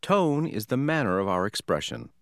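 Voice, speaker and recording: Male instructor, lower voice, very expressive intonation, clear scripted delivery, dry studio. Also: moderate pace, no echo. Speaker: language teacher. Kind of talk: scripted explanation.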